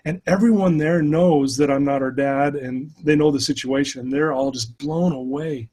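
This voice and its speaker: Middle-aged male guest, a touch high-pitched, chatty and animated as he tells his story. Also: moderate pace. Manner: animated, many "you know" fillers. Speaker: interview guest, life coach. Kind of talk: casual storytelling.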